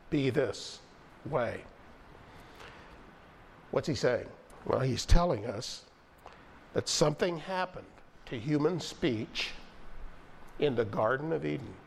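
A male pastor delivering a sermon, reading scripture aloud and stressing key phrases with slow, deliberate pauses. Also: mid-range voice, vocal fry, slight background noise.

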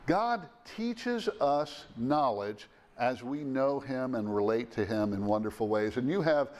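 A middle-aged or older man preaches a sermon earnestly, using fillers and restarts and raising his voice to stress key phrases. His medium-pitched voice is animated, unhurried, and a little mellow.

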